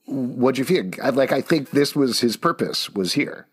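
A man's voice: medium pitch, lively intonation, moderate pace, breathy edge. A man co-hosting a podcast, chatting casually about a TV episode and playing up jokey quotes. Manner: playful, does mock quotes. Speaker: podcast co-host. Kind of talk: casual recap chat.

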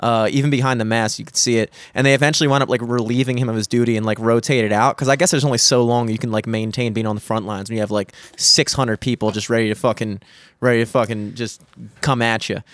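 A young man in casual chat, telling a profane, animated story and mimicking the people in it. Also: medium pitch, fast, no echo.

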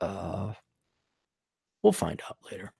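A man's voice: sits low, very animated, slow pace, creaky, dark tone, slightly rough, no room sound, clean studio sound. Profane, blunt man ranting on a podcast. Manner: loose, digressive, with frequent restarts. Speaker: podcast host. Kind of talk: solo podcast rant.

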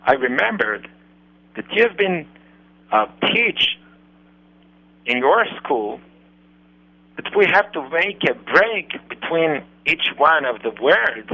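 Man, unhurried storytelling, halting English, muffled radio sound. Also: a little high, very animated, bright, forceful tone. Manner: earnest, halting non-native English. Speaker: radio show host.

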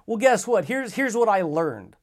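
A man with a high-pitched voice hosts a motivational podcast alone. He talks casually and enthusiastically in slang, calls his listeners buddy, and chuckles often between points. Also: big pitch swings, moderate pace. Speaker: podcast host.

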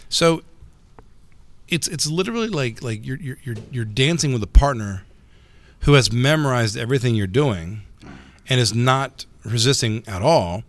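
A man who teaches jiu-jitsu, talking in a casual podcast chat and telling stories in an animated way, often repeating words as he goes. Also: mid-range voice, normal speed.

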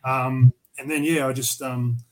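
A man's voice: medium pitch, little pitch movement, measured pace, rough recording. An Australian man from Tasmania, a metal vocalist who is a podcast guest, telling rambling, profane stories with many restarts. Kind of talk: casual storytelling interview.

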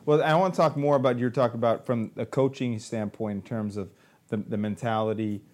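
A man hosting a podcast, asking long relaxed questions. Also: medium pitch, a little fast. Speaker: podcast host. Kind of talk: casual interview questions.

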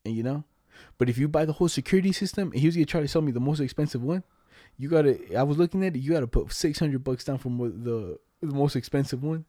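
A man's voice: a little high, animated, fast talker, mellow, dry recording, studio quality. A young man telling a rambling story in casual chat, heavy on slang and swearing.

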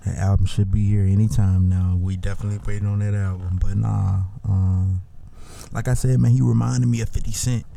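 Gravelly, dark-voiced podcast host man. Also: lowish voice, little pitch movement, a little fast. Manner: loose, rambling, full of "listen" and "you know what I'm saying". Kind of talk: casual podcast commentary.

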